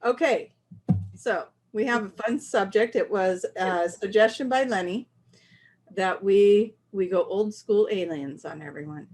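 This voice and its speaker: A woman's voice: medium pitch, unhurried, a little mellow. A woman with a Southern US accent co-hosts a casual live stream, upbeat and reading out viewer comments. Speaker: co-host.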